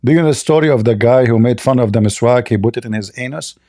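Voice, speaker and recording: A man's voice: mid-range voice, quick pace, dark tone. A man hosting a live online debate, mocking and combative, often laughing at his opponents. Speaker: debate host.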